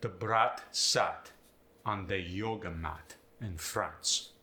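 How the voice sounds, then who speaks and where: A man doing a West African-accented voice that lands hard on every syllable, with rising tones on certain vowels. It is unhurried and bright-edged, and it sits in a roomy, echoey space. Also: low voice, full character voice. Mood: demonstrating. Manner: slow, deliberate, stresses every syllable.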